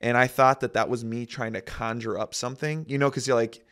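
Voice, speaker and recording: A man's voice: medium pitch, steady tone, brisk, fairly bright tone, clean tone. A man in casual faith talk, telling a personal story in a rambling, self-interrupting way.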